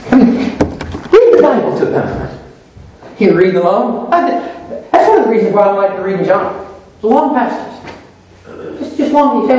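Animated older man preaching, echoey hall. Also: sits high, unhurried, long pauses, a little hiss or hum. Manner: animated preaching, laughs often, rhetorical questions. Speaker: pastor. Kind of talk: sermon. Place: church sanctuary.

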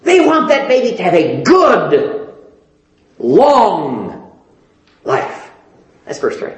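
A man's voice: sits high, wildly swooping pitch, slow, reverberant, poor audio. A male pastor preaching a sermon, pleading and emphatic, repeating phrases for stress.

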